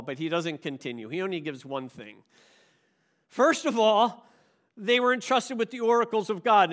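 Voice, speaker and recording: A man preaching a sermon, emphatic and animated, leading his congregation in call-and-response. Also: sits high. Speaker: pastor.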